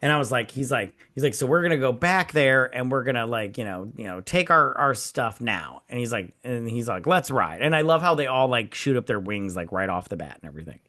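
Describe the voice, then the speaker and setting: A man's voice: medium pitch, lively intonation, a little fast, hardly any pauses, pushed and bright. A man hosting a casual movie-review podcast, animatedly retelling scenes, acting out characters' lines, laughing often and joking crudely. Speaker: podcast host.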